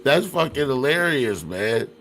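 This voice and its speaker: A man's voice: medium pitch, big pitch swings, unhurried, vocal fry, a bit bright, slight background noise. Laid-back, slangy male podcast host. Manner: laughing often, swearing, loose slangy phrasing. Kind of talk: casual interview chat.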